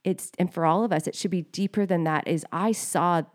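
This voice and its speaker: A woman's voice: fairly low pitch, fairly quick. A woman co-hosting a faith podcast, sharing her testimony in a heartfelt, emotional way with many fillers. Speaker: co-host.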